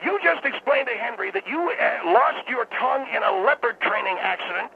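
A man playing a gruff, confrontational male caller with a gravelly voice. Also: very high voice, big pitch swings, moderate pace, heavily acted. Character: irate male caller, blunt and pushy. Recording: tinny phone line.

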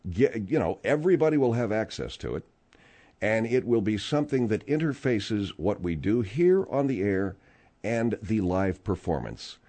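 A man's voice: lowish voice, warm tone. A man hosting a comedic radio show, sarcastic and theatrical, riffing in long exaggerated runs. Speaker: radio host.

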